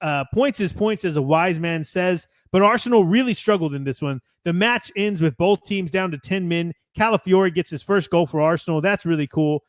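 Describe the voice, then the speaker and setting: A man's voice: high voice, moderate pace, hardly any pauses, dry recording, clean studio sound. An American man co-hosting a podcast, chatting casually and a bit ramblingly, reading out match notes and swearing now and then. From United States. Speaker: podcast co-host. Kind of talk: casual sports chat.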